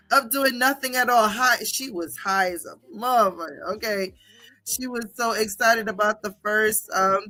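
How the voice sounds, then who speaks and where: A woman hosting a livestream, gossiping and reading chat in a loud, profane, laughing manner. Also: a little high. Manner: animated, profane, laughing often. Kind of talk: casual gossip commentary.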